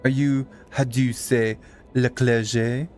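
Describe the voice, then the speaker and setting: A man's voice: medium pitch, level tone, a little slow, a little mellow, soft background music, natural voice. Man doing a sniffy French frog-man. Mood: dismissive. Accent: French (put on). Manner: dismissive, sniffy. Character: haughty male frog-man with a stuffy temper.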